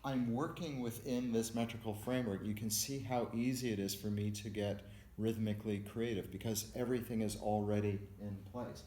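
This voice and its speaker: A man's voice: on the low side, fairly even intonation, moderate pace, warm tone, roomy sound, slight background noise. A man teaching a music theory lesson, explaining step by step and counting beats aloud. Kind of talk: lecture with sung and spoken examples.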